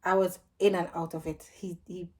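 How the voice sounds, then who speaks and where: A woman's voice: on the low side, normal speed, a little hiss or hum. A young woman, possibly, casually telling a personal story and acting out what she and others said. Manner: animated retelling, acting out her own cries and others' lines. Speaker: vlogger.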